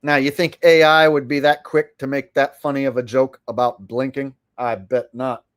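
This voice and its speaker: A man with a medium-pitched, level voice talks at a moderate pace. Hosting a livestream, he comments on clips in a boastful, rambling way, a casual stream commentary.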